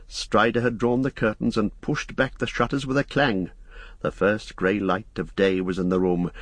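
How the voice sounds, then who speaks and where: A male audiobook narrator with a low, husky voice reads in a measured, even manner. The recording is dry and close, with no room sound. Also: dry recording. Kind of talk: scripted narration.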